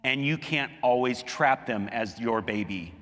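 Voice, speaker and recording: A man delivers an earnest sermon in a bright, forceful voice. He presses his points by pushing higher and louder. The sound carries a long reverb, as in a big hall. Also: animated, unhurried. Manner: earnest preaching, rising emphatically on key points. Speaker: pastor.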